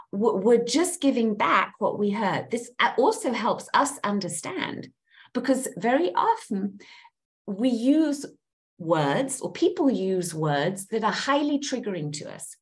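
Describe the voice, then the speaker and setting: A woman coaching a group on listening skills, animatedly acting out example phrases. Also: a little high. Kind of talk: teaching a group session on listening.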